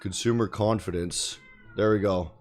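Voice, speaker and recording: Trading live on stream, a man rambles through his points in a blunt, casual way, cursing occasionally. He speaks at a moderate pace in a fairly low, steady voice.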